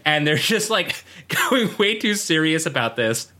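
Man, bright voice, slightly higher pitch, casual rambling storyteller. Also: moderate pace, hardly any pauses. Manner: rambling, animated storytelling with acted-out quotes. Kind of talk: casual chat.

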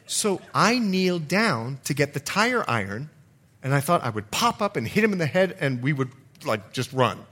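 A man preaching to his church, pitched a little high and sharply bright in tone. His delivery is lively and full of swings, breaking into loud exclamations as he tells a personal story. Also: normal speed. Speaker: pastor.

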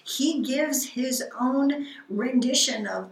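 A woman co-hosting a ministry podcast, reflecting earnestly on scripture in a warm conversational discussion. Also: high-pitched, slow pace, vocal fry, roomy sound, low-quality recording. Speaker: podcast co-host.

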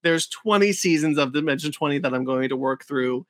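A man's voice: on the high side, a little fast, no echo. Enthusiastic rambling man, dry sound. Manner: enthusiastic, rambling with many fillers. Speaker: podcast co-host. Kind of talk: casual chat.

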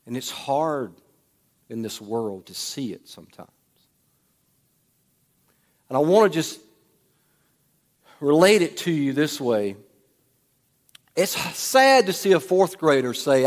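A man's voice: fairly high pitch, moderate pace, pauses often. Preaching man in a reverberant church. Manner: dynamic preaching, swings from loud to hushed. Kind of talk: sermon. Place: church sanctuary. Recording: long hall reverb.

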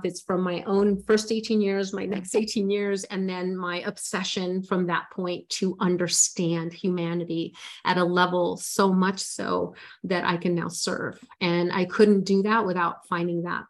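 A woman's voice: on the low side, level tone, measured pace, few pauses. A woman in her forties speaks as a life coach in an interview. She tells her own story earnestly and with feeling. Her words often trip and restart as she gets emotional.

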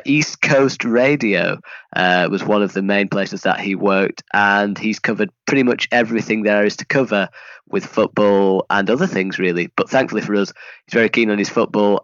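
A man's voice: lowish voice, fairly bright tone, no echo, highs cut off. A man hosting a podcast in casual chat, rambling with frequent restarts. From England. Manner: chatty, rambling with many restarts. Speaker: podcast host.

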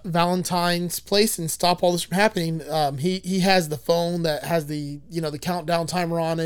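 A man's voice: on the high side, clean tone. A man casually recapping a film as a podcast host, rambling, swearing and laughing as he goes. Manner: rambling, profane, laughs often. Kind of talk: casual chat.

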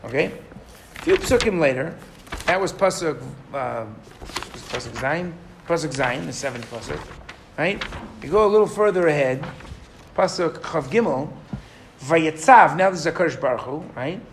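A man's voice: a little high, expressive, moderate pace, pauses often, a little hiss or hum. A middle-aged man teaching a Torah lesson to a classroom, asking the students questions and reading Hebrew verses aloud.

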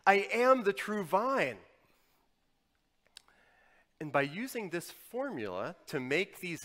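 A male pastor delivers a sermon with real dynamic sweep, rising to forceful emphasis and then dropping to hushed, close tones. His voice rings out through a long, lingering hall reverb, as in a church sanctuary. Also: a little high. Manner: dynamic, swings from loud emphasis to quiet intimate tones.

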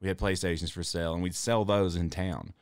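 A man's voice: deep voice, fairly even intonation, fairly quick, no echo, clean studio sound. A man co-hosting a podcast, telling stories in a profane, casual way and laughing often. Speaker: podcast co-host. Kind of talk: casual chat.

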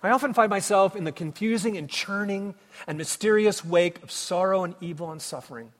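A man preaching a sermon as pastor, impassioned, swinging between loud cries and hushed tones. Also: high voice, brisk. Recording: long reverb of a large hall.

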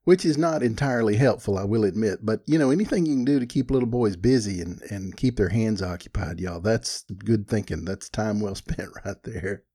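A man's voice: lowish voice, a little fast, hardly any pauses, mellow, husky. An older man, hosting a podcast with rambling, folksy, self-deprecating chat. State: a little out of breath. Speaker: podcast host. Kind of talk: casual solo podcast talk.

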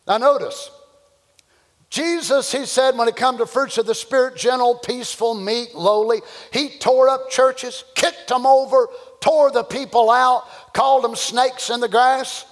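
A man preaching a fervent, folksy sermon in a church, at times rising to shouts. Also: sits high, big pitch swings, measured pace. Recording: echoey church hall.

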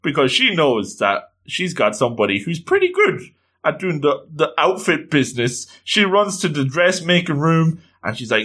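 A man recapping a comic book chapter as host, telling it like an animated storyteller with playful catchphrases. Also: a little high, normal speed.

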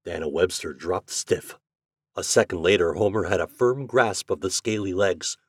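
A man narrating an old holiday story aloud in an expressive, lively manner. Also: sits low, moderate pace, husky, no room sound, clean studio sound. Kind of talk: storybook reading.

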